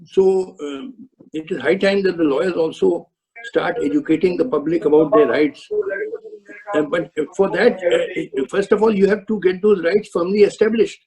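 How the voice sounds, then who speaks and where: A man's voice: high-pitched, normal speed, a little mellow, low-quality recording. An older man, a retired judge, firmly lecturing law students over a video call, with frequent uh and um. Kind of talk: webinar answers to student questions.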